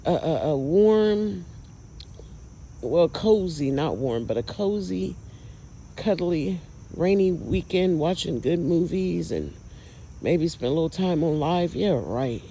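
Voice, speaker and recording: A man filming outdoors at night, talking to viewers in an emotional, awed, exclaiming way with drawn-out words. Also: on the high side, expressive, vocal fry, mellow, slight background noise, rough recording. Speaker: vlogger filming lights at night. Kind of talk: excited casual commentary to viewers.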